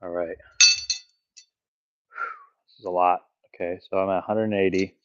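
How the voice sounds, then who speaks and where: A man's voice: low voice, flat delivery, normal speed, clean tone, dry recording, dull audio. A man live-streaming his backyard axe throwing, counting his throws aloud, swearing and talking to his chat. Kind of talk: live-stream commentary while throwing axes. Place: backyard outdoors.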